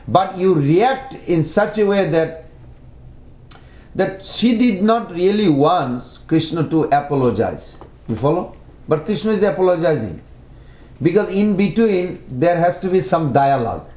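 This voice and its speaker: A man giving a devotional lecture in non-native English, halting and repeating words as he explains. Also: high voice, darkish tone. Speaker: speaker giving a religious class. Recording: echoey room.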